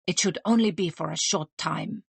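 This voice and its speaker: A woman's voice: lowish voice, vocal fry, slightly rough, no echo, exaggerated voice. A woman voicing a willowy, courtly male restaurant manager who speaks in a formal, decorous way. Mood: grave. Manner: formal, decorous, measured speech.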